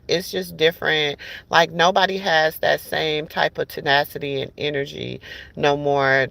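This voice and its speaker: A woman with a gravelly, fry-laced voice hosts a talk show. She tells stories in a loose, chatty way, restarting sentences and calling her listeners "baby" and "y'all.". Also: low-pitched, fairly bright tone, no room sound. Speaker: podcast host. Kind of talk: casual storytelling chat.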